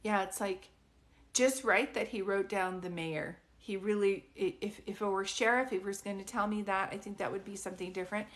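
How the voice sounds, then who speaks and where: A woman's voice: mid-range voice, steady tone, brisk, fairly bright tone. A woman giving a casual live psychic reading from home. She talks in a chatty, rambling way full of fillers and restarts. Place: at home with a dog nearby.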